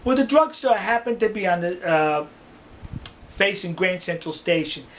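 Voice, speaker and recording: An older man telling stories in a casual, animated way, laughing often and acting out dialogue. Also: sits high, moderate pace. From New York City. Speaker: storyteller. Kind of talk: casual storytelling.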